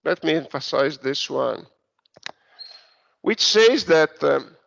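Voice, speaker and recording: A man's voice: on the high side, lively intonation, slow, vocal fry, a bit bright. A man with an Italian accent giving an online university lecture, hesitant, with many fillers and restarts. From Italy. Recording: dull lo-fi recording.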